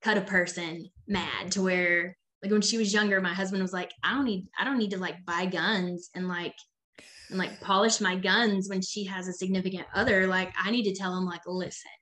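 A woman's voice: medium pitch, fairly even intonation, moderate pace, fairly bright tone. A woman in her thirties, a mother of several children, talking in a casual conversation with many "like" fillers. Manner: chatty, many "like" fillers, acts out quoted voices.

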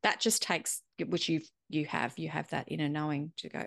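Low, gravelly woman. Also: little pitch movement, moderate pace, a bit bright, no echo, studio quality. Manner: candid, reflective, swears casually, acts out dialogue. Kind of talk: casual conversational chat.

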